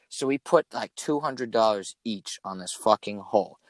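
A young man in casual chat, swearing often and telling stories with animated energy. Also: fairly low pitch, moderate pace, hardly any pauses, no room sound. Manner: swears a lot, animated storytelling.

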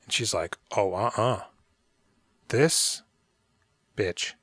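A man's voice: lowish voice, very slow, fairly bright tone, slightly rough, dry recording, clean studio sound. Man casually rambling through a movie recap. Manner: rambling and profane, acts out characters' lines. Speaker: podcast co-host.

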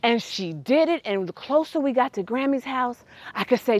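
A woman telling a personal story that turns into a faith lesson, animated and quick to laugh. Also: high-pitched, no room sound.

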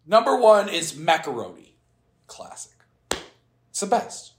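Man, casual podcast banter, crude teasing, frequent laughs, lively pitch, slightly high, echoey room. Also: measured pace, slight background noise. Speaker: podcast co-host ranking pastas.

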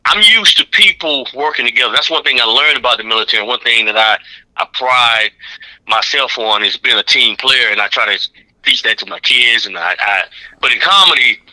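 A man's voice: medium pitch, a little fast, rough recording. A middle-aged man, a comedian, chatting casually on a podcast and acting out voices from his stories. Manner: animated, acts out crowd and director voices.

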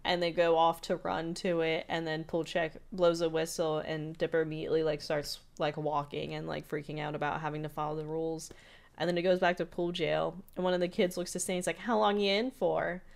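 A woman's voice: deep voice, little pitch movement, creaky, darkish tone. A woman co-hosting a podcast, casually recapping an episode scene by scene with lots of "like"s. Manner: retells scenes with many "like"s and quick character impressions. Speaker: podcast co-host.

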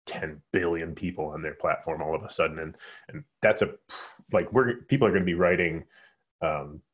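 Brief: low-voiced American male podcast host, quick and jokey, recorded over a video call. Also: dull audio. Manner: quick, joking, trails into restarts. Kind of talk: casual chat. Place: home, remote call.

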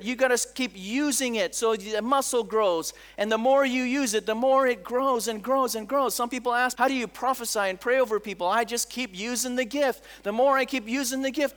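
A middle-aged man preaching a sermon as a pastor, telling stories in an animated way, often saying "come on" and acting out the voices of people he quotes. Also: very high voice. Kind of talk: sermon with storytelling.

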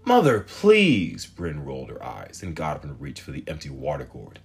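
A man narrating an audiobook in a measured, expressive storytelling manner. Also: extremely low pitch, breathy edge. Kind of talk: scripted narration.

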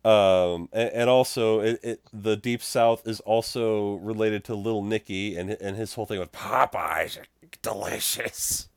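A man co-hosting a podcast, telling an animated story in casual chat and laughing as he goes. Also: fairly low pitch, moderate pace, hardly any pauses, smooth, dry recording, clean studio sound. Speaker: podcast co-host.

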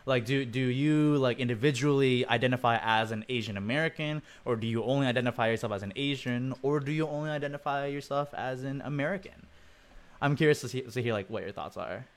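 A man's voice: medium pitch, a little fast. A man from Indonesia hosting a casual group chat over an online call, laughing often and talking with many fillers. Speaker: host.

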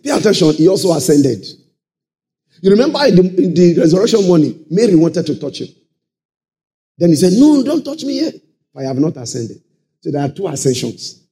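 A man preaching a sermon, calling out to the congregation and swinging into shouted and half-sung phrases. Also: sits high. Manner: animated call-and-response preaching, sudden shouts and sung phrases.

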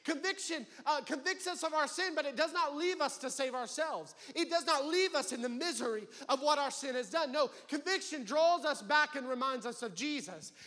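A man preaching a sermon as campus pastor, swinging between loud calls and hushed pleading. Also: very high voice, lively intonation, normal speed, hardly any pauses. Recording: long hall reverb.

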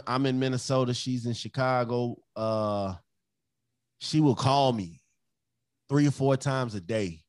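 With a medium-pitched voice and no room sound, this podcast co-host speaks emphatically about his family in a casual chat. He repeats phrases and acts out how his children talk.

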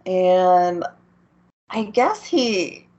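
A woman recaps an anime at a slow, relaxed pace, laughing often with her co-host. Her voice comes through a dull, lo-fi mic. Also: on the low side. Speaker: podcast co-host. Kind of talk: casual chat recapping an anime.

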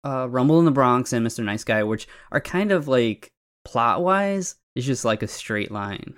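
A man's voice: mid-range voice, expressive, moderate pace, a bit bright, clean tone. A man co-hosting a podcast, musing about a film in long, winding sentences full of "kind of" and "like". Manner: rambling, lots of "kind of" and "like". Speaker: podcast co-host. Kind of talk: casual film discussion.

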